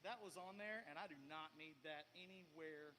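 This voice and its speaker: A man's voice: on the high side, moderate pace, in a large hall. A man giving a live guitar clinic in a shop, talking in a chatty, encouraging way with lots of fillers. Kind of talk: casual live clinic talk.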